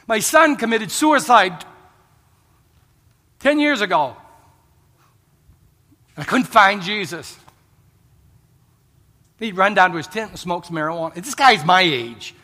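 In a hall with long reverb, a middle-aged preacher speaks in a high, bright, pushed voice. His sermon blends storytelling with earnest pleading to the congregation, punctuated by laughter.

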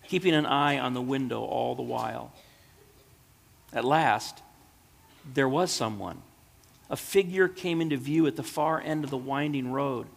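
A man reads a storybook aloud in a gentle, measured voice. His pitch is middling, and a long hall reverb lingers behind each phrase. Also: vocal fry. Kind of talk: storybook reading.

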